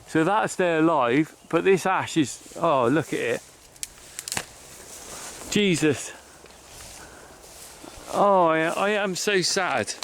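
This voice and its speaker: Heartfelt farmer rambling outdoors. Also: male voice, a little high. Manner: chatty, heartfelt, rambling with sighs. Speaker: farmer vlogger. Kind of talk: casual walk-and-talk vlog. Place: outdoors on a farm by hedgerows.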